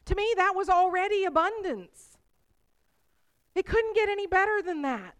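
High-voiced woman preaching with lively stories. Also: moderate pace. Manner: animated storytelling, voice rising with emotion. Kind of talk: sermon with personal stories.

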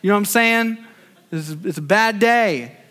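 Male preacher, fairly high voice, conversational and animated storytelling. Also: normal speed, clean tone. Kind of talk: casual sermon.

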